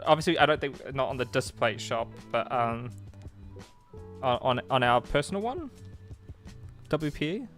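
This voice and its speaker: A man co-hosting a casual live stream from home, rambling with halting restarts and laughter. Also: medium pitch, expressive, a bit bright, faint music behind. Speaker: co-host.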